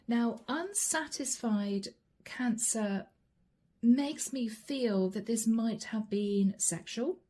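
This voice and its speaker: A woman's voice: a little high, slow pace, dark tone. A woman doing a channeled tarot reading, chatting directly to her viewers as she reads the cards aloud. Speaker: tarot card reader.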